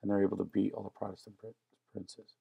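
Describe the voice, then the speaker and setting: A man's voice: on the low side, flat delivery, quick pace, creaky, dark tone, husky. A man teaching a history lesson in a casual, joking lecture style. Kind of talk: classroom lecture.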